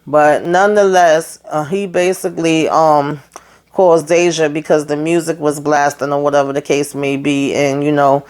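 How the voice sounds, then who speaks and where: A woman's voice: low-pitched, little pitch movement, normal speed, a little mellow, clean tone. Chatty woman recapping a TV episode. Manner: retells scenes in quoted dialogue, chatty asides. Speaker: TV show recapper. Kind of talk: casual recap commentary.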